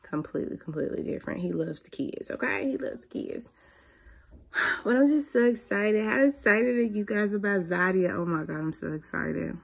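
A woman, chatting casually to camera as a mother and vlogger, animated and prone to high squeals of excitement. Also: normal speed, creaky, husky.

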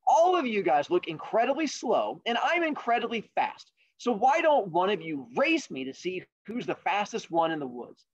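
A man's voice: high voice, very animated, normal speed, few pauses, no echo, highs cut off, pitched above the performer's own voice. A man voicing a boastful male rabbit who taunts the other animals in a cartoonish storytelling voice. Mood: taunting. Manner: brash, taunting. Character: cocky fast male rabbit, boastful trash-talker.

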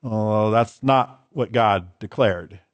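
A man's voice: on the low side, slow pace, no room sound. A man preaching a sermon as pastor, stressing and repeating his key phrases in contrasting pairs.

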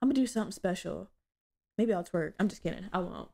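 A woman's voice: lowish voice, quick pace, creaky. Blunt, profane young woman podcaster. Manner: blunt, profane and animated storytelling. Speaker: podcast host. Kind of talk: casual solo podcast chat.

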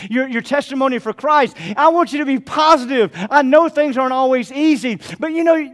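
A man preaching a sermon as pastor of a church, with a fervent, repetitive preaching cadence. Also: extremely high pitch. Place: church sanctuary.

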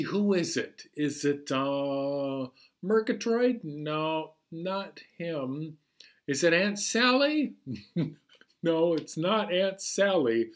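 Slow, sing-song man hosting storytime. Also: on the high side, a bit bright. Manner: slow, cheerful, sing-song delivery to kids, playing banjo. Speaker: children's storytime host. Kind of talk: singing and talking to young children. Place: library storytime video. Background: banjo accompaniment.

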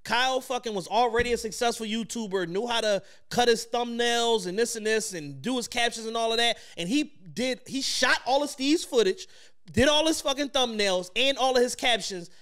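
A man co-hosting a podcast, with a high-pitched voice. He talks in a casual chat style. He is blunt, swears freely and stresses his points. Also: normal speed, a bit bright, smooth. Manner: blunt and profane, emphatic. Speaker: podcast co-host.

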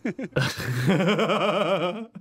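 A man voicing a dopey, upbeat male cartoon chipmunk in an animated film. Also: sits high, extremely slow, a crowd in the background, exaggerated voice. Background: film score.

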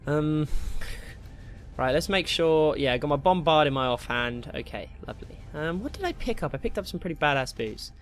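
A man giving casual, excitable commentary while playing a game, swearing and taunting enemies. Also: a little high, moderate pace. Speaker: gameplay commentator.

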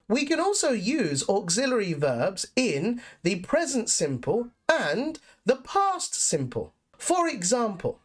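Woman, English teacher, lesson narration, very slow, expressive pitch. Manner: clear, deliberate explanations with example sentences.

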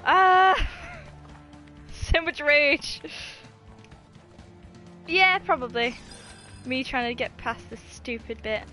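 Woman gamer host, unhurried exasperated chatter, faint game music behind. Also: high voice, lively intonation, pushed and bright. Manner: exasperated, swears often, laughs at herself. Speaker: gaming video host. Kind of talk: casual let's-play commentary.

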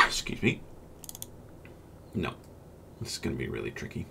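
A man hosting a gaming channel, giving relaxed gameplay commentary and thinking aloud as he works through choices, with hesitant fillers. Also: extremely low pitch, a little slow, vocal fry, slightly rough.

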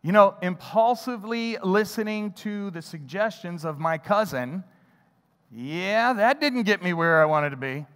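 High voiced pastor telling a story in church, lots of echo, acts out what he was thinking. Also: measured pace, smooth. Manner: animated storytelling, acting out his own thoughts. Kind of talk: sermon storytelling. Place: church sanctuary.

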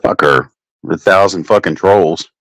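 A man hosts a casual livestream chat from home, speaking at a measured pace with no room sound. His stories are crude and full of swearing, told with lively swings in pitch.

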